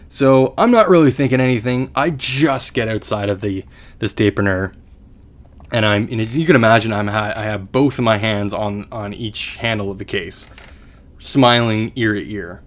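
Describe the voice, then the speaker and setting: A young Canadian man co-hosting a podcast, telling a long story in a rambling, self-deprecating way with many restarts. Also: fairly low pitch. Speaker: podcast co-host. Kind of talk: casual storytelling.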